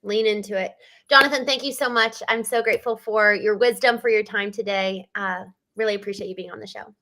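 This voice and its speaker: Bright-voiced woman interview host. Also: medium pitch, steady tone, fairly quick. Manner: enthusiastic, affirming. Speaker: podcast host.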